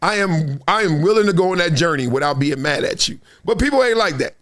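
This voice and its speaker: A middle-aged man with holds forth on a sports talk show. His voice sits high and swings widely as he makes his points. He repeats words for emphasis and laughs through his arguments. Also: expressive, a little fast, a bit bright. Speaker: podcast host. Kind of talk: casual sports commentary monologue.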